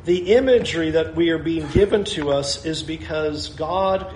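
A man preaching a sermon as a pastor, expressive and slowing down to stress key lines. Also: a little high, slight background noise. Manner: expressive preaching, slows for emphasis. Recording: echoey room.

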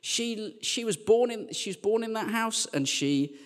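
A man preaching a sermon as a church team leader, chatty and joking, then turning quiet and earnest. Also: sits high, expressive, measured pace, big-room sound. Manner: conversational and joking, dropping to quiet earnest lines.

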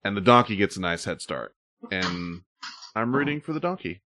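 A man chatting casually as a podcast host, his voice bright and lively, rising and falling freely. He laughs often and talks in a loose, profane way. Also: fairly low pitch, moderate pace, slight background noise. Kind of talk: casual chat about viral videos.

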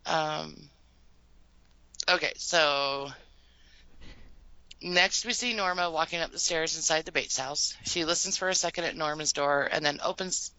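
A woman's voice: low voice, sharp tone, no room sound, highs cut off. A woman co-hosting a podcast, reading a scene-by-scene recap from her notes and laughing often between lines. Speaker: podcast co-host.

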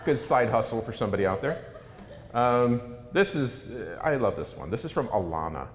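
A man's voice: sing-song, moderate pace. A middle-aged man, an author, giving a humorous talk in a wry, self-mocking way. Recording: echoey hall with faint rumble.

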